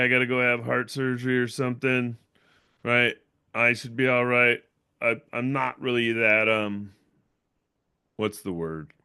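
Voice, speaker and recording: A young man who owns his channel hosts a livestream, telling a long personal story in a casual, rambling style, repeating himself and tagging sentences with fillers like "right?". His medium-pitched voice is sharp, clear and resonant, recorded with studio quality and no echo.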